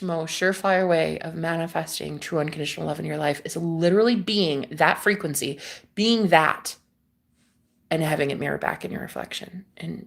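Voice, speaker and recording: A woman's voice: lowish voice, creaky. Casual swearing young woman livestreamer. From United States. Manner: meandering, swears casually, laughs often. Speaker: livestream host. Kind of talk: casual spiritual chat to viewers.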